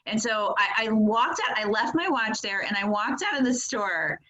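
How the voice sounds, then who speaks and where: A woman's voice: on the high side, lively intonation, moderate pace, bright, forceful tone, poor audio. A woman chatting casually in a book club, telling a personal story in a rambling way and laughing often. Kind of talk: casual chat.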